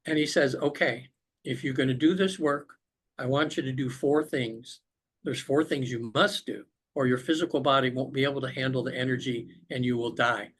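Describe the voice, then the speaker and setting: This podcast guest, connected by remote call, has a medium-pitched, slightly rough voice with a steady tone and moderate pace. He earnestly and reflectively tells the story of a personal spiritual experience.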